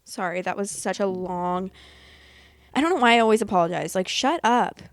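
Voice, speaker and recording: A woman in her late twenties hosting a podcast, chatting casually and reading posts aloud in a candid, excitable way, swearing freely. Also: mid-range voice, moderate pace, no room sound, clean studio sound. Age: late 20s. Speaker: podcast host reading Reddit stories.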